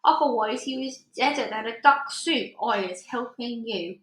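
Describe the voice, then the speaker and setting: A woman's voice: fairly high pitch, moderate pace, fairly bright tone, lightly acted. A woman voicing a big, kind old male giant who talks earnestly in jumbled grammar full of made-up words. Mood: urgent, crafty. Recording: roomy echo.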